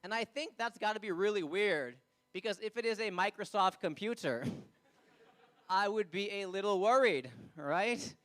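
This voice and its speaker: An Indian man with a notably high speaking voice works a live comedy crowd through a stage mic. His delivery is animated, and he slips into characters for short bits. The sound is a stand-up set in front of an audience. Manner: animated, acts out characters with quick voice shifts.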